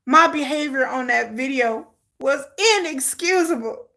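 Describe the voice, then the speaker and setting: Woman live streamer, high voice, cusses people out, talks blunt. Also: unhurried, sharp tone. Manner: blunt, combative, cussing. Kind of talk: casual commentary live stream.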